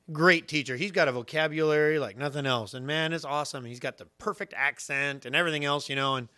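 A man pastor preaching a sermon in a casual, conversational way, often asking his listeners questions. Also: a little high. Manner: conversational, animated, asks the audience questions.

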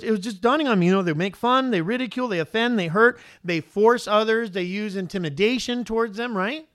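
A man who is a father, preaching as a pastor in an animated style, peppering the congregation with rhetorical questions. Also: high-pitched. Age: adult father. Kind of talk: sermon.

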